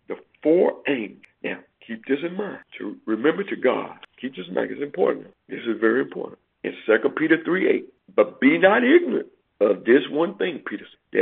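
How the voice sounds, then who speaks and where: A man preaching a sermon, emphatic, repeating phrases and rising sharply in pitch to stress his points. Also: gravelly, breathy edge. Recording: tinny phone-like radio broadcast.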